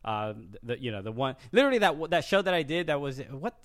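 A man with a somewhat high voice tells a story in a rambling way, often stopping and restarting mid-thought. The sound is close and dry, with hardly any room in it. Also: very animated, a bit bright, dry recording. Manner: rambling, halting, many fillers and restarts. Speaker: stand-up comedian, podcast co-host. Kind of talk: casual chat, storytelling. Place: live-streamed podcast studio.

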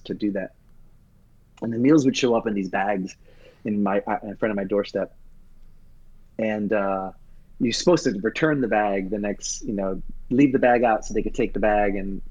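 A man and Broadway actor, telling a personal story in an interview with earnest, halting emotion and frequent restarts. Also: lowish voice, a little mellow. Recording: dull lo-fi sound.

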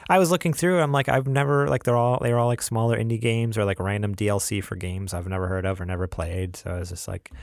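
A man co-hosts a relaxed gaming podcast, rambling easily and padding his talk with fillers. His voice sits low, with a gravelly edge. The sound is close and dry. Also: fast talker, hardly any pauses, dry recording. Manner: laid-back, rambling with many fillers. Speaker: podcast co-host. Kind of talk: casual gaming podcast chat.

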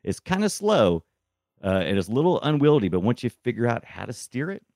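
A man's voice: medium pitch, brisk, no echo, studio quality. A man chatting casually about a mobile game, rambling and restarting his sentences, and he is a little sick. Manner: rambling, restarts often, excitable. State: sick, congested. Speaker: podcast co-host. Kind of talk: casual chat about games.

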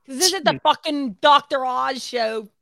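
A woman's voice: high-pitched, creaky, fairly bright tone, dry recording. A woman co-hosting a podcast, teasing and swearing in casual chat. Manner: teasing, swearing, quick quips. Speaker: podcast co-host.

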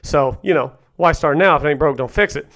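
Male sports podcast host, young adult, brisk and assured, voice a bit on the high side. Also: fairly bright tone. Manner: confident, rapid-fire predictions. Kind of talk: solo sports podcast, game picks.

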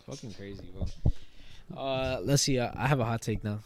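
A young man in his twenties co-hosting a podcast, chatting casually with slang and frequent swearing, getting animated in his rants. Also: mid-range voice, normal speed. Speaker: podcast co-host. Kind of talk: casual chat.

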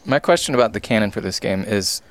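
A man's voice: on the low side, quick pace. A man co-hosting a casual chat who looks up facts and poses mock interview questions. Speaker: co-host.

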